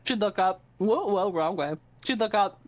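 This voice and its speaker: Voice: medium pitch, lively intonation, moderate pace, highs cut off. A tabletop game player describing their character's actions in a dry, teasing way while eating.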